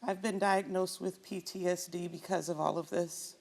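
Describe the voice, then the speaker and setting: A middle-aged woman with a fairly low, gravelly voice speaks at a normal pace as a talk show guest. She tells her own story with feeling, animatedly acting out the people in it and their quarrels.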